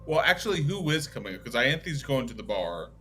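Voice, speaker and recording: A man playing a tabletop role-play game, speaking in a hesitant, halting way with many ums. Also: medium pitch, sing-song, sharp tone, faint music behind. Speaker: player.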